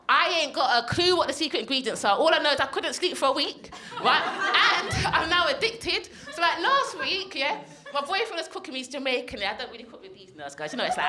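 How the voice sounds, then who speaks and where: London woman doing stand-up, high voice, chatty, keeps asking the crowd yeah? right?. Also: background noise. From North West London. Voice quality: husky from smoking. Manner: playful, chatty, checks in with the crowd. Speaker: stand-up comedian. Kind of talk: stand-up comedy set.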